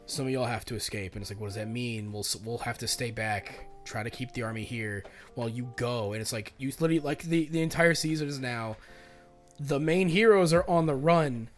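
A man co-hosting a casual podcast, animated and profane, bursting into loud acted-out quotes as he talks. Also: mid-range voice, fairly quick, faint music behind. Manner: animated, swearing, acts out quotes loudly. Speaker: podcast co-host. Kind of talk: casual chat.

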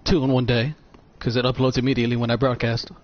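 A man's voice: medium pitch, fast. An American man giving casual, profane, joking commentary while playing a game at home. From United States. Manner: profane joking trash talk. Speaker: gaming YouTuber. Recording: dull lo-fi sound with steady noise.

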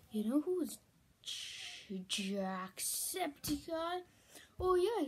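A woman chatting playfully as toy characters, giggly and excitable with sudden shouts. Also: high voice. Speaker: fan video host.

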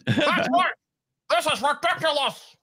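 A man doing a mocking impression of a young pundit who insists his voice is deep now. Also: lively intonation, a little slow, sharp tone, full character voice. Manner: squeaky, exaggerated, whiny.

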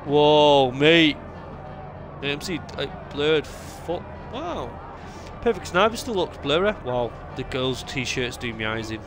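A man giving excitable, joking live gameplay commentary, swearing a lot. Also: on the high side, slow, over music. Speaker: streamer.

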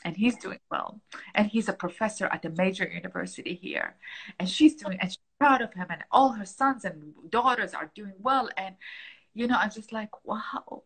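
Heartfelt, bright-voiced middle-aged woman. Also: mid-range voice, lively intonation, normal speed, vocal fry, breathy edge, rough recording. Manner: heartfelt, openly emotional, reflective. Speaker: founder and guest. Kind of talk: emotional conversational interview.

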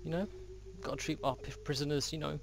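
A man trolls other players over game voice chat, mumbling in a mock-friendly, deadpan way. His voice has a gravelly fry and sits a little high. The line is noisy with steady hiss. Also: fast talker.

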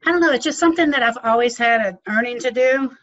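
A woman's voice: a little high, fast, fairly bright tone. A middle-aged woman real estate agent answering interview questions frankly and matter-of-factly. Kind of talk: testimonial interview. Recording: dull, muffled lo-fi audio.

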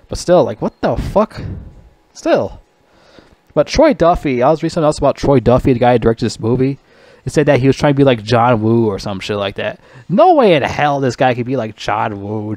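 A man's voice: mid-range voice, darkish tone, no room sound. A man giving a casual, rambling movie review, swearing a lot and laughing at his own jokes. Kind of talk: casual rant.

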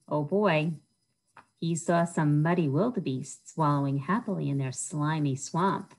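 A woman's voice: deep voice, a little slow, low-quality recording. A woman reading a picture book aloud to children at a library storytime, often asking her listeners questions. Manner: animated, asks the listeners questions.

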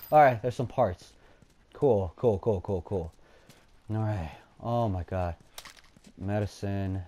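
A man giving let's play commentary, swinging between nervous muttering and loud excited shouting, and swearing a lot. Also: lowish voice. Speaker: gaming streamer.

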